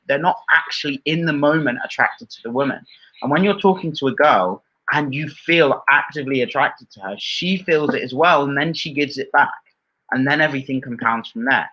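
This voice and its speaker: A man's voice: mid-range voice, sharp tone. A man explaining dating advice earnestly on a live Q&A stream. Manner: earnest, explanatory, restarts mid-sentence. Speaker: dating coach co-host. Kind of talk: live Q&A chat. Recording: dull lo-fi stream audio.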